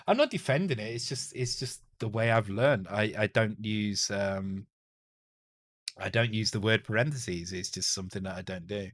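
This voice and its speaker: Coding a retro game on a live stream, a Northern English man thinks out loud, mutters, corrects himself and cracks jokes with casual swearing. His voice is lowish and a bit bright, at a normal speed.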